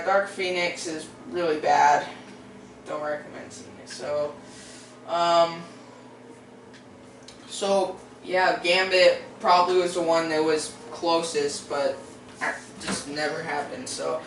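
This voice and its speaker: A man's voice: on the high side, little pitch movement, takes it slowly, a bit bright, distant mic. A teenage boy hosting a casual vlog, rambling and hesitant, full of fillers and restarts. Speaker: video host. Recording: roomy echo, voice away from the mic, faint background noise.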